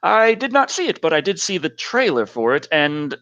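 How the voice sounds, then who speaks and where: A man's voice: on the high side, sing-song, normal speed, a bit bright. A man hosting a live show, chatting casually, rambling and laughing often. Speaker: show host. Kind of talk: casual live-stream chat. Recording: slightly dull lo-fi audio.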